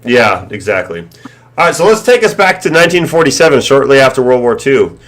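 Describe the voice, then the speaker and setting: A man hosts a loose, chatty live stream and laughs often as he talks. His voice sits in an ordinary middle pitch, and he jumps into higher voices to act out phone callers. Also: sing-song, fairly quick, a bit bright. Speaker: stream host. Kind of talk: casual chat.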